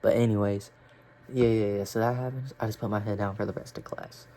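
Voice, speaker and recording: A man's voice: fairly low pitch, steady tone, brisk, warm tone. A young man telling a story casually, rambling and swearing with lots of fillers. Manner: rambling, profane, filler-heavy.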